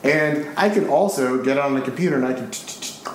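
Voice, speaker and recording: Guy giving a live talk, gets excited, swears casually, big booming hall echo, faint hum behind. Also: a little fast. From United States. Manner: excitable, animated, casually profane. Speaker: speaker giving a public talk. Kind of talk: live public lecture. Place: large concert hall with an audience. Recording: very echoey live hall recording.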